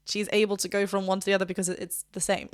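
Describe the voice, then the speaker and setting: A woman vocal coach reacting to a song, gushing and rambling with quick restarts. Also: medium pitch, flat delivery. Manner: breaks into short sung demonstrations. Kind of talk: reaction commentary.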